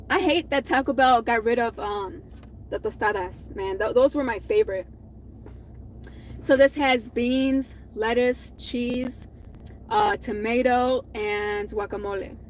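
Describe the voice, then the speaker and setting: A woman's voice: a little high, a little hiss or hum, rough recording. A young adult woman telling a personal story in a casual vlog, candid and profane, laughing now and then. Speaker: vlogger.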